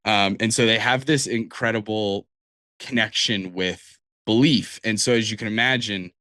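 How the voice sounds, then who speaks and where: A man's voice: lowish voice, normal speed, pushed and bright, dry recording, studio quality. A man narrating as game master, explaining the world in a casual, rambling way. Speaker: dungeon master.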